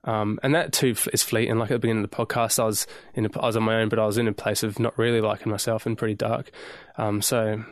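A man co-hosting a podcast, talking earnestly and haltingly, with restarts and casual swearing. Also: lowish voice, level tone, no echo. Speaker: podcast co-host. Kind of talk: casual chat.

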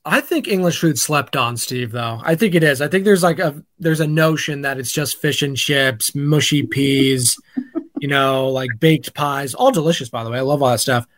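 Joking, opinionated podcast co-host. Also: male voice, medium pitch, moderate pace, fairly bright tone. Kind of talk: casual sports podcast chat.

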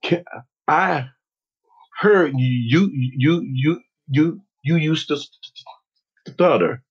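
A man's voice: a little high, drawn-out words, breathy edge, highs cut off, heavily acted. A man voicing a timid young boy with a heavy stutter that repeats sounds over and over. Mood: pleading.

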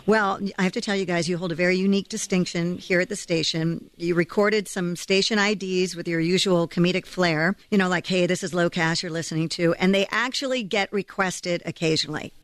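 A woman's voice: fairly low pitch, fairly quick, no room sound. A woman hosting a radio interview, upbeat and laughing often. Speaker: radio host.

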